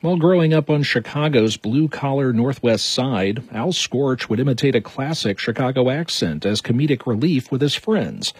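A male news anchor with a strongly raspy voice, reading a scripted introduction steadily. The sound is dry and close. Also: mid-range voice, normal speed, few pauses, no echo. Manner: steady, formal.

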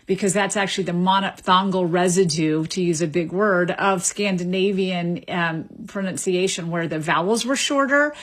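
A woman, a linguist guest, answering interview questions in a measured, lecturing way and repeating words as she thinks. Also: lowish voice, slightly rough. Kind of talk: explanatory radio interview answers.

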